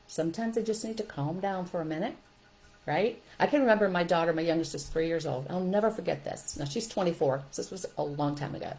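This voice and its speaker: Middle-aged woman host, parenting coach, lively delivery, slightly low voice, acts out example phrases. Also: fast talker, poor audio. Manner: animated, acts out scolding and soothing phrases. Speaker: childcare trainer and podcast host. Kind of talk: casual teaching talk to parents.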